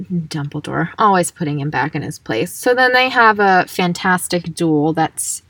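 A woman's voice: on the low side, animated, normal speed, hardly any pauses, a bit bright, far from the mic. A woman co-hosting a casual podcast chat, retelling events in a playful, sassy way. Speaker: podcast co-host.

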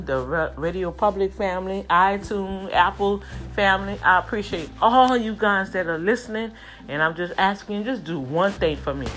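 Woman podcast host, lowish voice, breathless, fervent and preacherly, faint music behind. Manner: fervent, preacherly, repeats phrases. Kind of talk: casual podcast talk with prayer.

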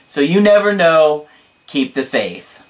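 A man's voice: on the high side, very animated. A man putting on a dramatic, gushing young fan. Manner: drawn-out dramatic emphasis.

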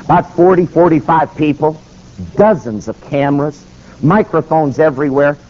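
A man preaching, telling a story and acting out the quotes. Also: moderate pace. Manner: animated, acts out quotes with shifting pitch. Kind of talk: sermon storytelling. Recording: slightly dull recording with faint noise.

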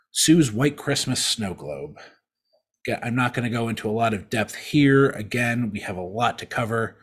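A man's voice: fairly low pitch, a bit bright, husky. A man co-hosting a podcast, casually telling a long story, rambling with restarts and acting out the quotes. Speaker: podcast co-host.

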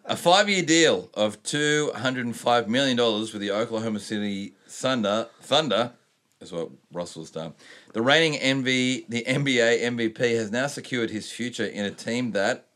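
A man co-hosting a podcast, talking in crude, rambling banter and reading sports news haltingly. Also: medium pitch, fairly bright tone. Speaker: podcast co-host. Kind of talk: casual sweary podcast banter.

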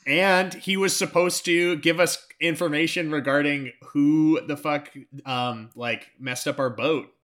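A man's voice: a little high, steady tone, measured pace, hardly any pauses, fairly bright tone. A man playing a tabletop game, casual and rambling with lots of fillers and swearing. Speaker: player. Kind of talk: casual tabletop role-play.

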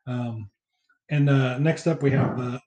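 A man hosting a casual movie commentary chat, rambling through scene recaps with fillers and quick laughs. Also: medium pitch, steady tone, warm tone, reverberant, poor audio. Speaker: podcast co-host.

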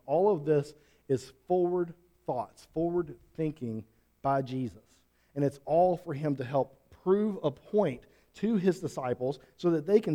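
A man's voice: a little high, warm tone. A man teaching a Bible passage in a folksy, conversational way, with asides and restarts. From Switzerland. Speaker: pastor.

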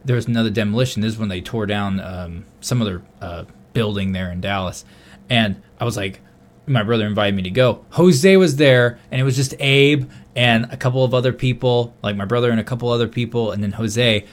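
Animated, swearing young man telling a story. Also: mid-range voice, fairly quick. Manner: animated, swears a lot, loud bursts when quoting himself. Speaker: podcast co-host. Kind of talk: casual storytelling chat.

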